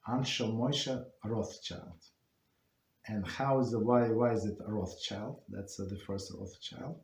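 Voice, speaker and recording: A man telling a story to a religious study class and leading the session, speaking haltingly and often restarting or correcting himself. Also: lowish voice. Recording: roomy echo.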